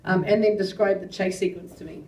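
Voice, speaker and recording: A woman's voice: mid-range voice, steady tone, a little fast, warm tone, a little hiss or hum. New Zealand woman rambling on a panel. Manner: chatty, swearing, self-mocking. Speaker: panel guest. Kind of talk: rambling live panel talk. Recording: roomy hall audio, distant mic.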